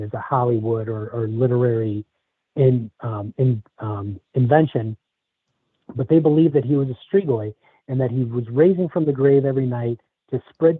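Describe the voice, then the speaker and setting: Man, podcast guest, measured, hesitant, tinny phone-like sound, dry. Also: medium pitch, no echo. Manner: measured, hesitant, lots of fillers. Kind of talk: casual interview, storytelling. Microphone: video call. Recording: phone-like narrow audio.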